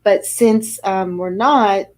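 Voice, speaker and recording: Slow, easygoing American woman doctor. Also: medium pitch, darkish tone. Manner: unhurried, conversational, with fillers and restarts. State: a little out of breath. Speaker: physician giving a weekly update. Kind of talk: informal public health briefing.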